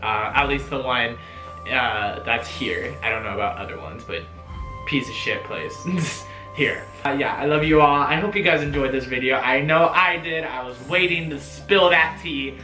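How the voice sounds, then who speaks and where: A young man telling a story-time vlog in a chatty, animated way, full of fillers and swearing. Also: mid-range voice, moderate pace. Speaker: vlogger. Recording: roomy echo, faint music.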